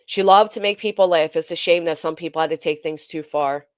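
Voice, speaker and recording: A woman's voice: lowish voice, brisk, smooth, no echo, studio quality. A woman hosting a casual commentary livestream, reading viewer comments aloud and answering them with lots of ums and uhs. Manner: chatty, reads viewer comments aloud and replies; hesitant, frequent um and uh fillers. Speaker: commentary channel host.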